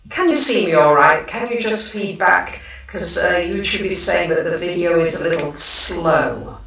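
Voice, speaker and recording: A woman hosting a casual astrology livestream, chatty and excitable, greeting viewers one by one. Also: on the low side, unhurried, gravelly, dull audio. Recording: very echoey room, voice far from the mic.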